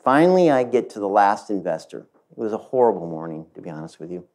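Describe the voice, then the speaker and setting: A middle-aged man, a company chief, tells a story from his career to an audience, lively and speaking straight to the listeners. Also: fairly low pitch, quick pace. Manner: animated, addresses the audience directly. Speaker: CEO giving a talk. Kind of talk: storytelling keynote talk.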